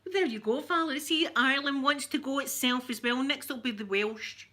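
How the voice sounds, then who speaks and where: Scottish woman, middle-aged, livestream host, bright tone, chatty rambling rant, frequent laughs. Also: sits high, normal speed. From Scotland. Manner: chatty, rambling, laughs often, talks to viewers by name. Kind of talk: casual live-chat rant.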